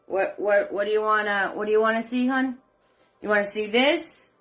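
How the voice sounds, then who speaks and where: A middle-aged woman instructs a live online painting class at normal speed, her mid-range voice a bit bright with fairly even intonation. Warm and talkative, she greets viewers by name and calls them sweetheart and hun, over faint music.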